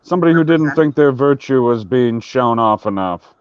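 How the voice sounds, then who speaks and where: A man's voice: mid-range voice, lively intonation, moderate pace, clean tone, no echo. A man in casual chat dropping dry wisecracks. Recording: dull lo-fi mic.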